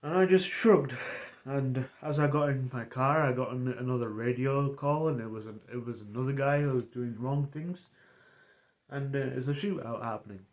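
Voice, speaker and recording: A man streaming and casually retelling a roleplay story, rambling and halting as he goes. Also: medium pitch, narrow, tinny audio. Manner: rambling, halting, many fillers and restarts.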